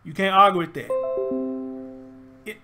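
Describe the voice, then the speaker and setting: Male live-stream host, high voice, Memphis drawl, reads the news aloud and comments emphatically. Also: unhurried, music in the background. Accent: Memphis Southern. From Memphis, USA. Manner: reads aloud then reacts emphatically, greets viewers. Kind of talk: casual live-stream commentary reading an article.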